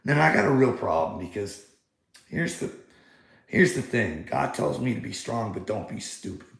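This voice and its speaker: Angry gravelly man ranting. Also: fairly low pitch, sing-song, normal speed, reverberant. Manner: angry, heated, swearing a lot. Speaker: vlogger. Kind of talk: profane ranting monologue.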